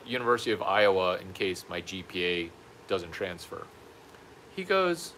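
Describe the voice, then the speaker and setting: A middle-aged man doing stand-up, telling a profane story in an animated way and acting out both people with loud bursts. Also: lowish voice, normal speed. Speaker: stand-up comedian.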